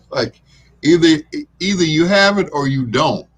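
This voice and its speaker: Slow, laid-back middle-aged man host. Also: a little high, expressive, breathy edge. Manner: laid-back, rambling, chuckles often, acts out drunks in quoted voices. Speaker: radio show host. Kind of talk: casual talk show chat.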